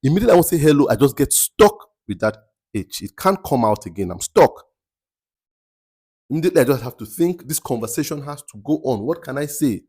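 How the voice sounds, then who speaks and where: A man with a Nigerian accent hosting a faith-based motivational podcast, speaking slowly and deliberately and repeating words for emphasis. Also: medium pitch, expressive, darkish tone, husky, no echo, studio quality. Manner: slow, deliberate, picks words carefully with emphatic repetition. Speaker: podcast host.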